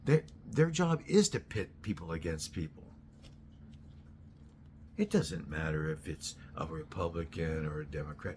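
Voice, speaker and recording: A man delivering a blunt, profane ranting monologue that keeps flaring into loud outbursts. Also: rumbling low, lively intonation, unhurried, a little hiss or hum. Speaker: host.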